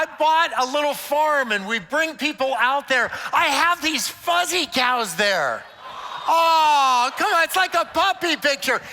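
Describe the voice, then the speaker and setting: A man's voice: very high-pitched, bright, forceful tone, a little hiss or hum. An older man giving an inspirational talk to a conference of church leaders, a playful, joking storyteller. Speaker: conference speaker. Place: conference stage in a large hall. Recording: long reverb of a large hall.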